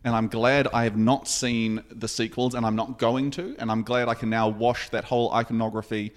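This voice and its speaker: Man, podcast co-host, casual chat, jokey riffing, mid pitch. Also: little pitch movement, normal speed. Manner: jokey, riffs on scenes with comic voices.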